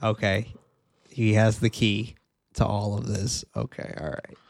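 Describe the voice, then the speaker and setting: A man's voice: fairly low pitch, little pitch movement, measured pace, gravelly, darkish tone, no room sound, studio quality. Laid-back man recapping a film plot. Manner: laid-back, laughs at his own asides, reads plot summary aloud. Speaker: podcast co-host recapping a film. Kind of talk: casual chat and plot recap.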